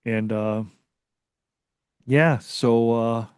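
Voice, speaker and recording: A man being interviewed as a researcher, telling a story in a casual, excitable way that rambles and restarts. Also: medium pitch, drawn-out words, smooth, no echo, studio quality. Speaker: guest, Bigfoot researcher.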